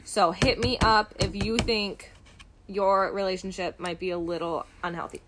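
A woman's voice: steady tone, moderate pace, noisy background. A young woman co-hosting a podcast, chatting casually and bubbly, often gasping and laughing. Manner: doing high squeaky voices when quoting. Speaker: podcast co-host. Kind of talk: casual chat.

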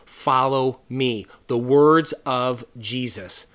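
A man's voice: medium pitch, takes it slowly, a bit bright. A man hosting a faith podcast, talking earnestly and conversationally with many fillers and restarts. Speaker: podcast host.

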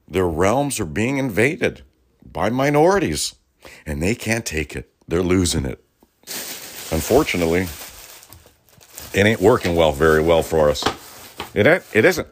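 A middle-aged man hosting a political talk show, his low voice swinging widely as he rants, heated and profane. He lands hard on key words and drops into sarcastic asides. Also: very animated, a little slow. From Los Angeles, United States. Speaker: radio show host. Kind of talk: political talk-radio monologue.

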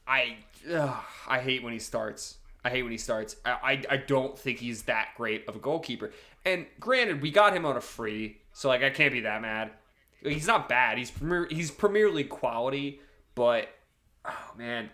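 Bright-voiced rambling football fan. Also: male voice, mid-range voice. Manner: rambling, many restarts and fillers. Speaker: podcast co-host, Liverpool supporter. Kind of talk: casual football chat.

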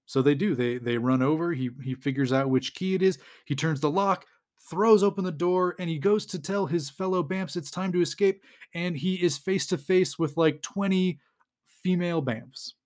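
A man hosts a casual comic-book recap in a somewhat high voice. He rambles along, chuckles often, and acts out the lines of the characters. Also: moderate pace, darkish tone.

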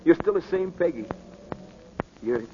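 An actor playing a shy, loyal young boxer, plain-spoken, in 1940s radio acting style. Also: male voice, a little high, animated, measured pace, background noise. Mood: tender. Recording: muffled old radio recording.

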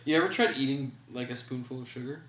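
A man's voice: mid-range voice, fast, a crowd in the background. A man from Canada co-hosting a podcast, riffing playfully and laughing often in casual banter. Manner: playful, giggly, riffs on ideas. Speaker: podcast co-host. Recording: roomy echo.

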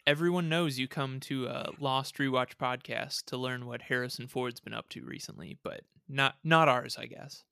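An easygoing podcast co-host talks things through in casual chat. His voice is smooth and bright, recorded dry and close. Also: mid-range voice, steady tone, normal speed, hardly any pauses, no echo.

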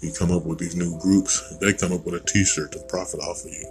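A man's voice: deep voice, little pitch movement, a little fast, faint music behind, rough recording. An American man hosting a podcast, rambling through a blunt, digressive opinion monologue with casual swearing. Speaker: podcast host.

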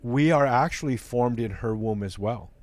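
A man's voice: medium pitch, normal speed, darkish tone, no room sound. A man hosting a faith talk show, speaking earnestly and often repeating words as he searches for phrasing. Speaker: host.

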